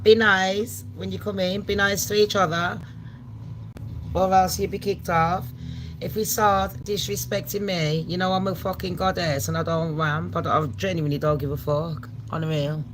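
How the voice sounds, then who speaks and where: A middle-aged woman from Jamaica, hosting a brash, profane live-stream chat that swings loud and animated. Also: lowish voice, normal speed, noisy background. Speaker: channel host.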